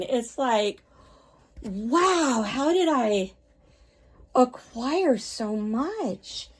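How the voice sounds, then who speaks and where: A woman's voice: on the high side, animated, very slow, breathy edge. A woman vlogging casually while sorting her doll collection, awed and repeating her exclamations, with many fillers, hot and sweaty from working.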